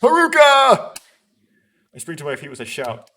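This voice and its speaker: A man hosts a let's play, reading a visual novel aloud with earnest drama. He stumbles and restarts now and then and slips in wry asides. His voice sits at an ordinary middle pitch. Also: fairly even intonation, fast talker, a bit bright, husky.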